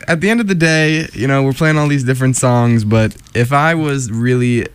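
A young man hosting a late-night college radio show, chatting in a relaxed, joking way with frequent laughs. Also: mid-range voice, moderate pace, clean tone. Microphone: studio microphone.

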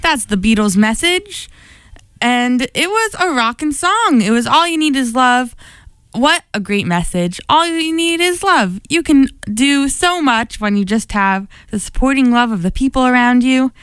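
Young female radio host, bubbly and chatty, smooth clear voice, slightly high, dry close sound. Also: expressive, measured pace, fairly bright tone, no echo. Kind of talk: casual radio chat between songs.

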